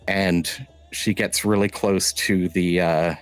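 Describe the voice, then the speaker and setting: A man narrating a tabletop role-playing game as game master, telling the scene in a halting, measured way with frequent restarts. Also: deep voice, fairly even intonation, smooth.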